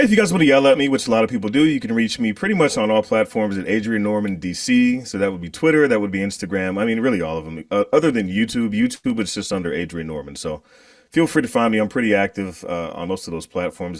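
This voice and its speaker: A man appearing as a talk show guest, talking in a lively, quick and joking way. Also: low-pitched, creaky, no echo, clean studio sound, recorded from a distance. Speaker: guest commentator. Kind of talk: casual talk show interview.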